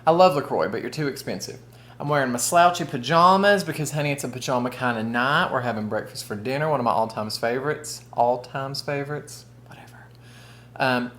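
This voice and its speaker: A man's voice: medium pitch, a bit bright, a little hiss or hum. A man who chats casually and folksily with viewers while eating on camera. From Southern United States. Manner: chatty, folksy, addresses viewers as y'all and honey. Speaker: food vlogger. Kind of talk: casual mukbang chat.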